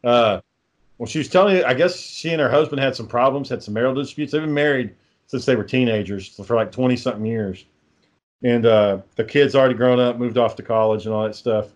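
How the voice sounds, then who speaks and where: A man's voice: mid-range voice, fast talker. Profane rambling man. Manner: profane, rambling, laughs while telling stories. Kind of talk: casual storytelling chat.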